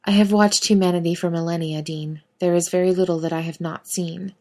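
Ancient male angel, solemn and literal, stiff formal speech, a low, soft voice, read by a woman; audiobook fan fiction reading. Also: fairly even intonation, brisk, lightly acted. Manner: formal, stiff, earnest phrasing.

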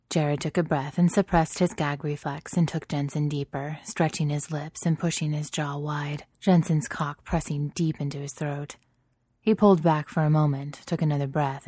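Low, soft-spoken woman reading aloud. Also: little pitch movement, normal speed, dry recording. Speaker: narrator. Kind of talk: reading erotic fiction aloud.

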